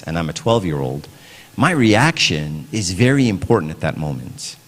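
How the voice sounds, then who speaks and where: A man's voice: low-pitched, big pitch swings, normal speed. A middle-aged man giving a casual parenting talk at church, conversational, often asking "right?". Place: church hall. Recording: long hall reverb.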